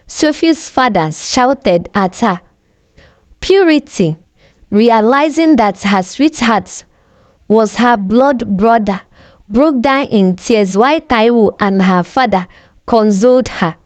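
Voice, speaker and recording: A woman storyteller narrates a dramatic family tale with emotive weight. She speaks slowly, her voice a little high. The sound is dry and close. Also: expressive, a little mellow, dry recording.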